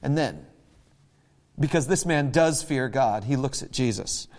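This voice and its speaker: A man preaching a sermon, conversational and emphatic, acting out quotes with sudden jumps in pitch. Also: expressive, measured pace, a little mellow. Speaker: pastor.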